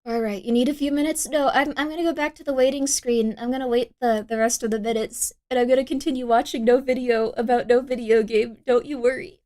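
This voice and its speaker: A woman's voice: fairly high pitch, fairly even intonation, a little fast, hardly any pauses, mellow. A woman streaming live, talking casually to her chat in a gushing, rambling way that repeats itself.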